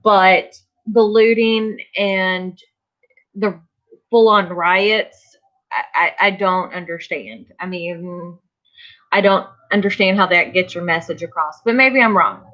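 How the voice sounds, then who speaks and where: A tired, yawning woman hosting a casual livestream, chatting slowly and greeting viewers by name. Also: mid-range voice, a bit bright, muffled recording. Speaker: livestream host of a vinyl crafting channel.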